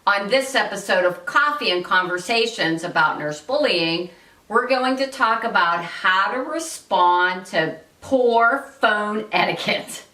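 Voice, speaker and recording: A woman's voice: mid-range voice, lively intonation, a little slow, pushed and bright, far from the mic. A woman hosting an instructional talk, coaching listeners directly and giving them example phrases to say. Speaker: host and workplace-civility coach. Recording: echoey room, voice a bit off-mic.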